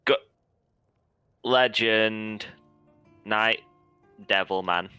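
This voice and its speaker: A man's voice: fairly low pitch, fairly even intonation, very slow, pushed and bright, clear, resonant tone, soft background music, heavily acted. A man playing a very drunk adventurer who rambles and slurs in a tabletop game. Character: very drunk, rowdy male adventurer.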